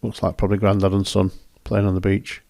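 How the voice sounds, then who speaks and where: Here the photographer and host speaks low and fast with a completely flat delivery, his voice gravelly and mellow. The recording is dry with clean studio sound, and he chats loosely over his photos, rambling and self-correcting.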